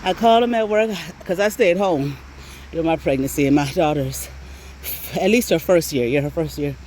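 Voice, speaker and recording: A middle-aged woman chatting casually, animated and laughing often, with frequent swearing, while out on a walk. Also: low-pitched, normal speed, a little hiss or hum. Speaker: vlogger. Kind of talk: casual storytelling chat. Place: outdoors on a walk.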